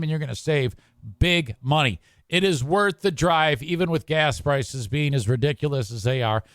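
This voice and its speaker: A man's voice: a little high, fairly bright tone, no room sound, clean studio sound. A man hosting a podcast, talking bluntly and swearing freely as he reads out comments and does live ad reads. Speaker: podcast host. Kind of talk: casual talk and live ad reads.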